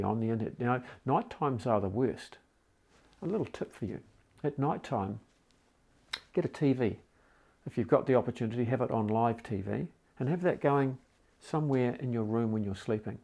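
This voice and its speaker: A middle-aged man speaking calmly and reassuringly straight to the listener in a mental health support talk. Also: medium pitch, gravelly. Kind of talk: gentle direct-to-camera support talk.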